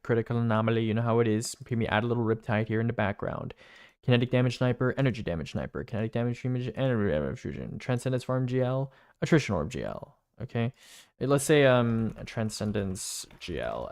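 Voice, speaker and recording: Gravelly streamer man thinking aloud. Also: mid-range voice. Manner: rambling, repeats himself, thinks out loud. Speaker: video game streamer. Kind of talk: casual live-stream chat.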